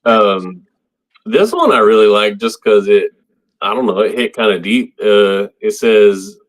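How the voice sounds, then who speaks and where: Male co-host, lowish voice, rambling casual chat, quick to laugh. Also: lively intonation. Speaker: podcast co-host.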